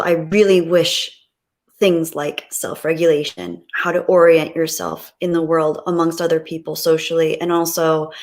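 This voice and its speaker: A woman chatting casually on a live stream, rambling reflectively with frequent ums. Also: fairly low pitch.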